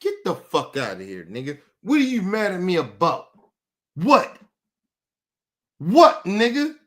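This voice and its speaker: A man's voice: on the high side, wildly swooping pitch, brisk. Angry man ranting in street slang. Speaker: podcast host. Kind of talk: heated rant to camera.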